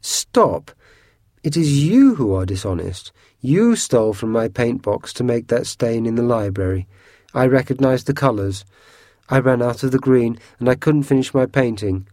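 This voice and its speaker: A man's voice: mid-range voice, animated, moderate pace, darkish tone, dry recording, studio quality, lightly acted. A man voicing a brave, kind young girl in a storybook, speaking firmly and scolding. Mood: indignant. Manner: firm and scolding.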